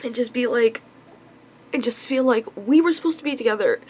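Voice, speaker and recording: A woman's voice: on the high side, fairly quick, darkish tone, a little hiss or hum. A young woman venting about her love life in a confessional vlog, frustrated and upset, sighing often. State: upset, on the verge of tears. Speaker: vlogger.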